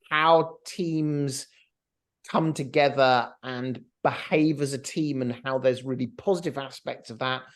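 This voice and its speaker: A middle-aged man co-hosting a business podcast, talking animatedly and acting out quoted voices in a casual discussion. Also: on the high side. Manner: animated, acts out quotes of others. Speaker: podcast co-host.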